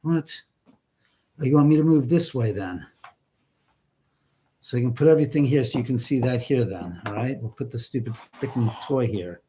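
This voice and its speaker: A man hosting a live ghost-hunting stream from inside his house, grumbling and cursing to himself as he scolds unseen spirits, swinging from sudden loud outbursts to whispered mutters. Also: mid-range voice, animated, moderate pace, long pauses, husky. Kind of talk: live stream, casual chat. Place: indoors in his own house, moving between rooms and stairs.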